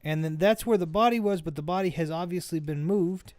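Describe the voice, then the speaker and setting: A man's voice: on the high side, a little fast, darkish tone, dry recording. A man casually commentating a video game he plays, rambling and often correcting himself mid-sentence. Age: adult parent. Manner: rambling, self-correcting, chatty. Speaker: let's play host.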